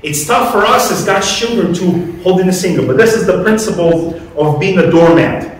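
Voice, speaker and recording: A man's voice: high voice, expressive, moderate pace. A man preaching a sermon to a congregation in a conversational way, asking them questions as he goes. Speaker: pastor. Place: church hall. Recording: echoey room, mic at a distance.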